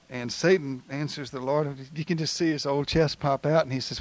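A man preaching a sermon in a folksy, animated storytelling manner, retelling scripture with acted quotes. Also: fairly high pitch, moderate pace, few pauses.

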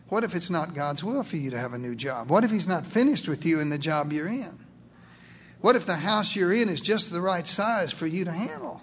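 A man's voice: high-pitched, expressive, moderate pace, fairly bright tone. A male pastor preaching a sermon in a folksy, playful way, acting out the voices in his quotes.

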